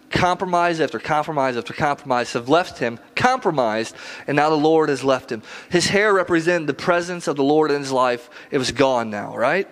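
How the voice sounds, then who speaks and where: A man's voice: a little high, animated, moderate pace, a bit bright. A male preacher giving a casual sermon, conversational, with rhetorical questions and slangy asides.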